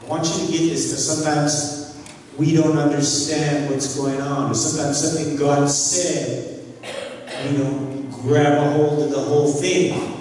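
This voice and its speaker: A man's voice: fairly high pitch, little pitch movement, unhurried, a little mellow. A middle-aged man preaching a sermon as pastor, emphatic and conversational, often tossing out rhetorical questions to his congregation. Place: church sanctuary. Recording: echoey hall, distant mic, faint noise.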